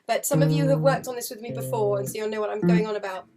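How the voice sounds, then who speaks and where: A woman with a slightly high voice talks fast while teaching a harp lesson by video call. She's chatty and encouraging, singing out counts and rhythms, and harp music plays loudly beneath her voice.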